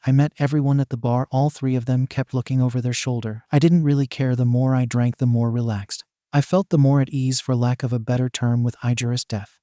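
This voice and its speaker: Mellow-voiced man reading a story. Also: medium pitch, fairly even intonation, a little fast, hardly any pauses, no room sound, studio quality. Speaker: narrator. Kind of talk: first-person fan fiction reading.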